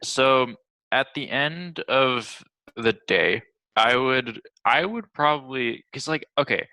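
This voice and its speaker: A young man co-hosts a relaxed movie discussion, talking in loose runs with many fillers. His voice sounds bright and forceful. The recording is dry, with no room sound. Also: mid-range voice, takes it slowly, no room sound, poor audio. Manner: rambling and laughing, lots of fillers. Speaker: movie review podcast host. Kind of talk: casual chat.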